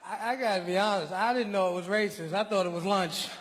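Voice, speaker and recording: A man guesting on a comedy stage, telling his side of a story in a laid-back, deadpan way. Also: sits high, fast. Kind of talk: stand-up storytelling. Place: large live comedy venue. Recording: stage mic in a reverberant hall with crowd noise.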